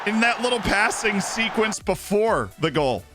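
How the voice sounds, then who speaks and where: A young man streaming himself playing a football management game, muttering asides and then shouting with delight when his team scores. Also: high-pitched, measured pace, over music. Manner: excitable, swings from mumbled asides to shouting at goals. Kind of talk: live gameplay commentary.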